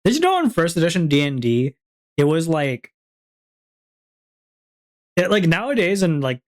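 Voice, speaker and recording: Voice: medium pitch, very animated, normal speed. Giggly, rambling streamer. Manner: rambling, giggly, lots of fillers. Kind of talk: casual stream chat.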